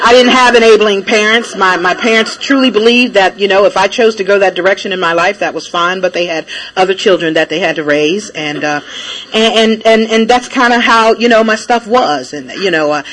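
A woman speaker telling her own recovery story in a lively, laughing way, with many fillers. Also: mid-range voice, a little fast. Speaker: traveling speaker. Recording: noisy recording.

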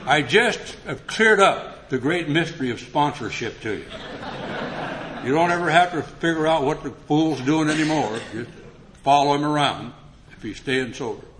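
An older man speaking at a recovery meeting, telling a humorous personal story and getting animated as he acts out conversations. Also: normal speed, noisy background. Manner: animated, rises in pitch when acting out dialogue. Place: meeting room before an audience.

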